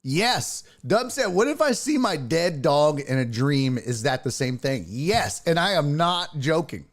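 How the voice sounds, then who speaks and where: A man's voice: a little high, very animated, unhurried. A man hosting a sports talk stream, chatting casually in a rambling, profane way and laughing through his stories. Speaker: sports podcast host. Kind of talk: casual livestream chat.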